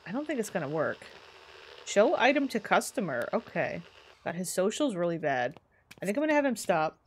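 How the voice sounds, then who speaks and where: A woman casually commenting on a life simulation game as she plays, chatty and excitable, laughing often. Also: medium pitch. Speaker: streamer. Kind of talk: casual let's-play commentary.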